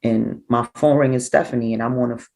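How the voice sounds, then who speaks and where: A middle-aged woman, a grieving mother recounting events in an interview, animated and acting out what people said. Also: very deep voice, fast talker, creaky, poor audio. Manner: animated, acts out quoted dialogue. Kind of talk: emotional personal storytelling.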